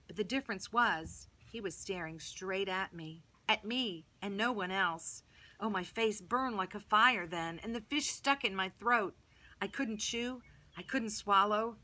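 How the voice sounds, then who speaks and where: Bright-voiced woman telling children a Bible story. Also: medium pitch, measured pace. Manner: expressive, warm storytelling voice. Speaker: Sunday school teacher.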